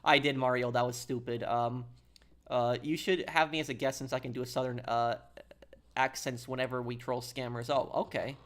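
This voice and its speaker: A man streaming a game, chatting casually and haltingly, reading out and answering chat. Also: mid-range voice, little pitch movement, a bit bright.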